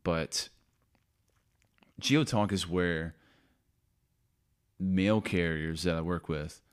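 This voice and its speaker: Man, podcast host, casual rambling monologue, low pitch, smooth resonant voice. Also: drawn-out words. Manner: rambling, self-interrupting, offhand.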